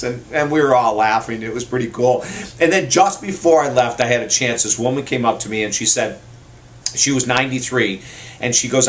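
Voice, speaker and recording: A male motivational speaker at a middle pitch, talking straight to his viewers. He is earnest and heartfelt, leans on repetition to drive his points home, and turns lively when he retells what people told him. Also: brisk. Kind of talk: personal storytelling message to camera.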